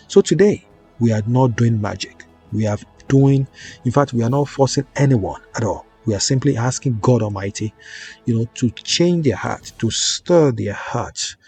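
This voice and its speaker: Mellow-voiced man teaching a prayer. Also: mid-range voice. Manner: unhurried, coaxing, checks in with "okay?" and "right?". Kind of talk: slow instructional prayer teaching. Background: soft background music.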